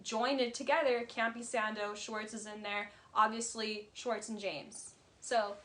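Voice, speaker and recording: A woman's voice: on the high side, fairly even intonation, a little slow, a bit bright. A woman vlogger giving a casual, heated recap of a reality show, blunt and swearing freely. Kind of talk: casual commentary.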